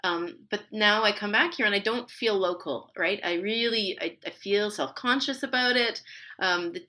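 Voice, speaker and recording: A middle-aged woman, chatting as a podcast guest. Her voice is bright and forward. She explains things at length and laughs easily between points. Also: medium pitch, moderate pace. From Canada. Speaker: linguist guest. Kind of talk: podcast interview.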